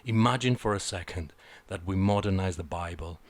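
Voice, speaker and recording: A man with a low, deep voice delivers a blunt, sarcastic film review and swears freely. The sound is close and dry, with no room around it. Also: normal speed, no echo. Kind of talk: opinionated film review monologue.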